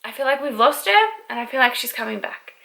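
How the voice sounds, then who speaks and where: A woman's voice: on the high side, lively intonation, quick pace, vocal fry, bright, forceful tone, low-quality recording. A young woman in her twenties chatting candidly to camera at home in a casual vlog. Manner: chatty and candid, with frequent fillers. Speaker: vlogger.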